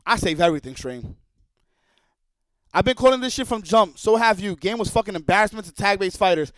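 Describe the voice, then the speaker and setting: A man's voice: high voice, expressive, fairly quick, no echo. A man streaming a heated, profane rant, repeating his points with anger. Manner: angry, profane, repetitive.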